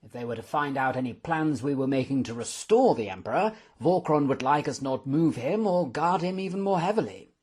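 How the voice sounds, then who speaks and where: A man reading the part of a stern lordship who chairs a secret council, speaking with gruff authority and a husky voice. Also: mid-range voice, animated, fairly quick, hardly any pauses, a little mellow, pitched above the performer's own voice. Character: stern elderly male lordship, commanding.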